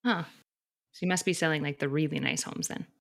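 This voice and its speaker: A woman co-hosting a call-in dating show, bantering with deadpan teasing. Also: low-pitched, fairly quick, gravelly. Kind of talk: casual streaming chat.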